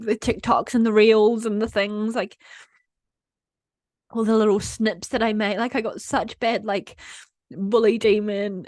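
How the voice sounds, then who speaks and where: A woman's voice: a little high, dry recording, studio quality. A woman hosting her own podcast, talking candidly and openly about her feelings in a rambling way, full of "like". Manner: rambling, heavy use of "like", open and emotional. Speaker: podcast host. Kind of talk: candid solo podcast monologue.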